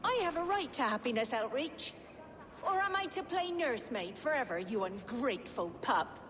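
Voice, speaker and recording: A woman voicing a proud, sharp-tongued older sister in a video game, scolding and haughty. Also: a little high, sing-song, normal speed, a little hiss or hum.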